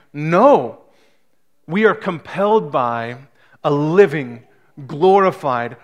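Man, pastor, sermon, emphatic, surging and easing intensity, slightly high voice. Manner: emphatic preaching with rising and falling intensity. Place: small church hall.

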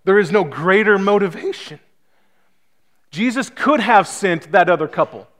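Male pastor, fairly high voice, emphatic sermon delivery with building intensity. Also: expressive, moderate pace, a bit bright. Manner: emphatic preaching with rising and falling intensity. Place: small church hall.

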